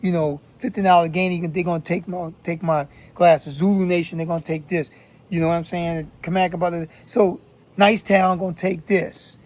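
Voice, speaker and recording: A man's voice: sits high, fairly even intonation, normal speed, a little mellow. A man from Philadelphia giving casual commentary, talking bluntly in profane street slang. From Philadelphia, USA. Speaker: channel host giving commentary.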